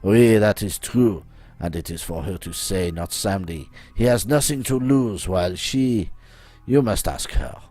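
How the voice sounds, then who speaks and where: A man's voice: sits low, expressive, a little slow, mellow, no room sound. A man voicing a grand, scheming male hacker with a put-on French accent, who talks about himself in the third person. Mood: grave.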